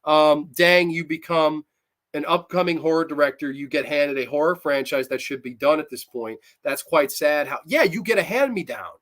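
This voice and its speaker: A man's voice: a little high, moderate pace, a bit bright. Profane ranting man reviewing films. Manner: reads viewer comments aloud. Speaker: livestream host. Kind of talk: live movie review chat.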